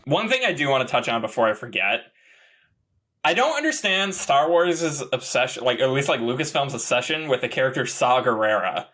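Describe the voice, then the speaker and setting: A man co-hosting a podcast in casual chat, rambling and rising into excited outbursts. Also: medium pitch, a little fast. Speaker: podcast co-host.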